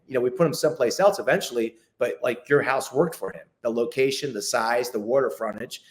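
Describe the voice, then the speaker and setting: A man's voice: medium pitch, brisk, few pauses. Chatty man telling sales stories. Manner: chatty, acts out phone calls with clients, many restarts. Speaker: luxury real estate agent, guest. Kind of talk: casual interview talk.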